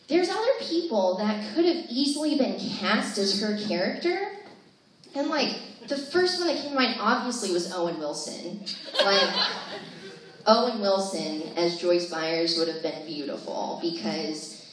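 A woman's voice: mid-range voice, animated, measured pace, recorded from a distance. Young woman, stand-up comedian, chatty, self-deprecating, echoey room, faint noise. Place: live comedy show in a room.

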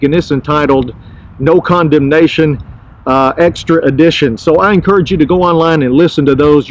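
A man's voice: fairly high pitch, slight background noise, poor audio. A man pastoring a church, teaching a devotional podcast in an earnest, emphatic way, repeating his key phrases.

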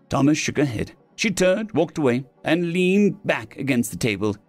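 A man narrating a science fiction story in an expressive, scripted way. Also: mid-range voice, normal speed, hardly any pauses, no room sound. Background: faint music.

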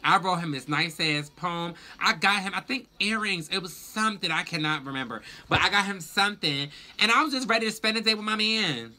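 Sassy, high, very bright man telling a story. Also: a little fast, hardly any pauses. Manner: sassy, profane, animated storytelling. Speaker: vlogger. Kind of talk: storytime vlog.

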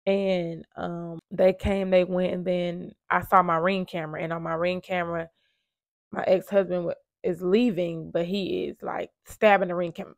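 A woman's voice: lowish voice, fairly even intonation, moderate pace, creaky, dry recording. A woman earnestly telling her own story of surviving domestic violence, with emphatic repetition. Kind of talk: emotional personal storytelling.

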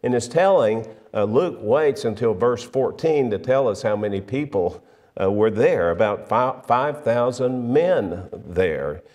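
A man preaching a sermon, measured and emphatic, often pausing on fillers and restarting his phrases. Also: medium pitch, expressive, a little mellow. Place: church sanctuary. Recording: long church reverb.

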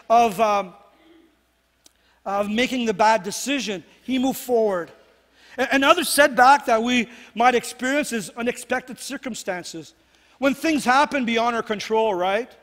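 A man's voice: very high voice, a bit bright. A man preaching a sermon as pastor, earnest and repetitive, often checking in with "right?". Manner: earnest, repeats phrases, asks "right?" often. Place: church sanctuary. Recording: long hall reverb.

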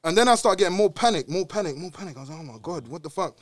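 A young man telling a story in a casual podcast chat, animated and slangy, acting out dialogue. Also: sits high, very fast, no room sound. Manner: animated, slangy, says "bruv" constantly, acts out dialogue. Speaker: podcast guest.

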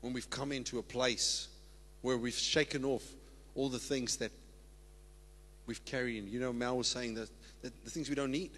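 A man preaching a sermon as pastor, moving from steady scripture reading to whoops and laughter. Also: mid-range voice, normal speed. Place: church sanctuary. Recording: long church-hall reverb.

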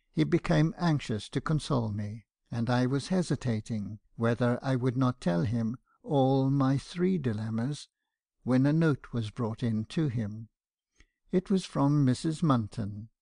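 A man narrating an audiobook in a measured, even storytelling manner. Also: medium pitch, gravelly, no room sound, clean studio sound.

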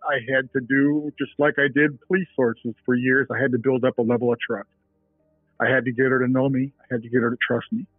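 A man's voice: mid-range voice, dry recording. A middle-aged reporter telling a story in an interview, acting out his phone calls as he goes. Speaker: TV reporter and author, interview guest. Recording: tinny phone-line sound.

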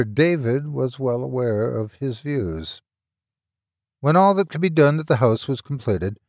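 A man narrating a horror audiobook in a measured, storytelling way. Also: medium pitch, a little mellow, no echo, clean studio sound.

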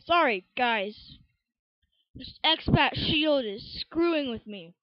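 Excitable high-voiced woman gaming. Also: takes it slowly, no room sound, lo-fi sound. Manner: excitable, shouting outbursts, mild swearing. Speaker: gaming channel host. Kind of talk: casual gameplay commentary.

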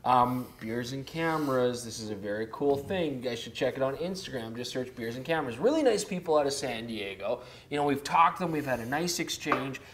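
A man's voice: medium pitch, fairly quick, few pauses. A man, co-hosting a casual, joking chat about camera gear. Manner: animated, jokey, laughs often. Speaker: co-host of camera gear show.

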